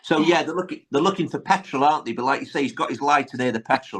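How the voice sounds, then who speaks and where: A man's voice: a little high, fast talker, a bit bright, slightly rough. A man hosting a podcast, casually retelling sitcom scenes with many tag questions. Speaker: podcast host. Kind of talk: casual chat recapping a sitcom episode.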